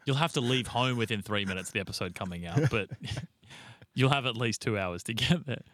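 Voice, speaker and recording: A man's voice: mid-range voice, fairly quick, fairly bright tone, dry recording. Dry, teasing Australian man. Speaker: podcast co-host. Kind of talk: casual chat.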